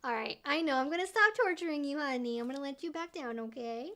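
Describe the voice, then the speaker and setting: A woman's voice: sits high, expressive, fast talker, pushed and bright. A young woman hosting a casual livestream from home on a desk mic, talking emphatically and cooing at her pet. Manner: emphatic, chatty, doting baby talk to her pet. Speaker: streamer host. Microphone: desk microphone.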